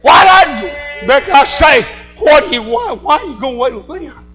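Shouting high-pitched preacher. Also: male voice, expressive, moderate pace, music in the background, low-quality recording. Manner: shouting, call-and-response preaching. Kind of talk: sermon.

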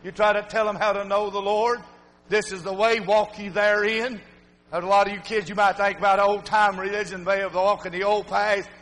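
High-voiced older preacher, echoing sanctuary. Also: male voice, little pitch movement, fairly quick, hardly any pauses. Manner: folksy storytelling, surges into loud shouting preaching. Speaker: pastor. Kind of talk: fiery sermon. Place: church sanctuary. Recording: long hall reverb.

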